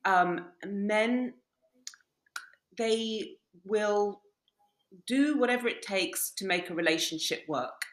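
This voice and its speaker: Long pauses break up this dating coach's slow, mid-range delivery as she guests on a casual podcast in an echoey room. She's blunt in her storytelling, swears freely, and laughs a lot.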